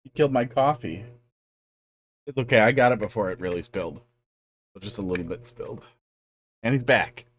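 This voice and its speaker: A man's voice: on the low side, normal speed, long pauses, slight background noise. A man streaming a game, casually chatting with viewers and talking fondly to his cats. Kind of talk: casual live-stream chat.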